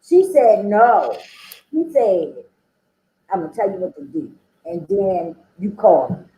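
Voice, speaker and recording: Lively woman telling her recovery story. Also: medium pitch, unhurried, reverberant, a little hiss or hum, low-quality recording. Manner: chatty storytelling, acting out quoted dialogue, frequent "okay?" and "you know?". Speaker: recovery meeting speaker. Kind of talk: personal recovery testimony.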